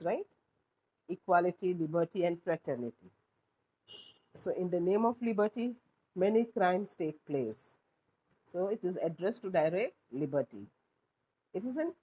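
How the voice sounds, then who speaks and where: A woman, teaching a class and explaining slowly with rhetorical questions. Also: on the low side, very animated, mellow, breathy edge, poor audio. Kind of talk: classroom lesson.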